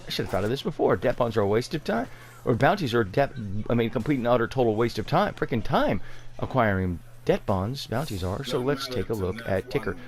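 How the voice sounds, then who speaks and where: A man's voice: medium pitch, animated, brisk. A man giving sarcastic, incredulous commentary over gameplay, ranting with exasperation. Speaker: gaming video creator.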